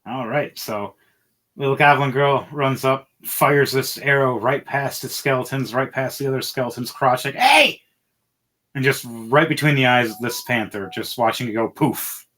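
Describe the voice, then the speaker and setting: A man running a tabletop game as game master, narrating with animated, laughing energy. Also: mid-range voice, moderate pace.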